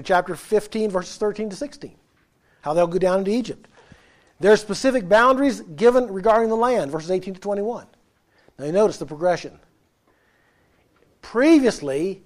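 Male preacher, higher-pitched voice, emphatic sermon delivery with questions to the room. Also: a little mellow. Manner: emphatic, asks the congregation questions.

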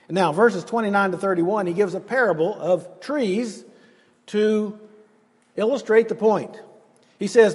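A man's voice: high voice, husky, big-room sound. A man preaching a sermon in an earnest, emphatic way, acting out the quotes he gives.

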